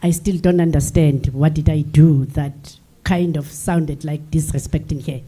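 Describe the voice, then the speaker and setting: A woman's voice: sits low, steady tone, measured pace, warm tone, husky. An older South African woman delegate giving an earnest, emotional speech from the floor of a forum, repeating her points. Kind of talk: impassioned floor address. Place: large conference hall.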